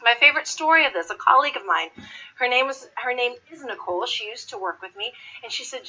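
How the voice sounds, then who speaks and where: A woman's voice: on the high side, quick pace, breathy edge. A woman recruiter giving job interview advice to an audience, acting out quoted people. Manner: animated, acts out quoted people. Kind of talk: lively talk to an audience. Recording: dull lo-fi recording.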